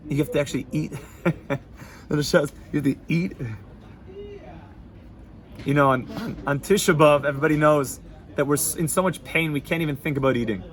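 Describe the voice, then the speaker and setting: A man, a rabbi, giving an informal Torah class in a yeshiva hall, sprinkling Yiddish and Hebrew words into casual talk and swinging between loud and hushed. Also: on the high side. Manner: animated, swings from loud to hushed, laughs easily.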